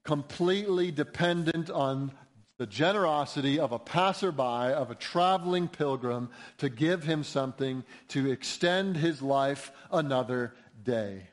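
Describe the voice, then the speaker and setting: A pastor with a voice on the high side preaches an expository sermon at an unhurried pace. He is emphatic, building intensity at key points and rising to near-shouts when quoting cries.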